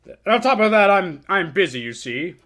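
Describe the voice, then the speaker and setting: A man's voice: high voice, big pitch swings, moderate pace, a bit bright, pitched above the performer's own voice. A man voicing a pompous, lewd older male lawyer in a game, with a grandiose, over-the-top delivery. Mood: boastful. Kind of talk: reading game dialogue aloud.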